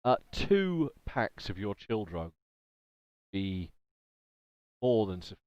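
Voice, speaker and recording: A man runs a tabletop game as game master, his pitch swinging widely as he hesitates through fillers. The sound is dry and dull, like a lo-fi online recording. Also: sing-song, slow, a little mellow, clean tone, no echo.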